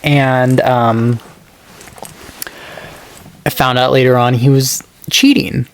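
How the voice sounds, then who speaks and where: A man's voice: flat delivery, takes it slowly, smooth. A man co-hosting a podcast, telling a personal story in a casual, rambling way, full of fillers and acted-out quotes. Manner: rambling, filler-heavy, acts out quoted texts in a higher voice. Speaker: podcast co-host.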